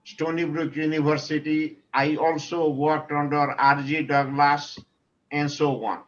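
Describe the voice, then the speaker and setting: Man, former student, heartfelt tribute, slow delivery, muffled video call audio. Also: a little high, flat delivery, a bit bright. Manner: slow, reflective storytelling, getting emotional toward the end.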